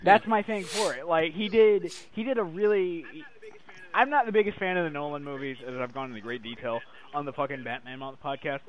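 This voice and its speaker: A man's voice: on the high side, a little fast, rough recording. A young man hosting a podcast, chatting casually, swearing often and laughing a lot. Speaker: podcast host. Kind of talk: casual chat.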